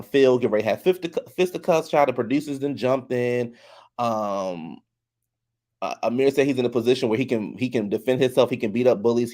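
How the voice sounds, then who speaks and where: A sassy, gossipy man recaps a reality show in a loose, chatty way. His voice sits at a middle pitch and leaps high when he imitates the cast. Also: a little mellow. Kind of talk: casual recap commentary.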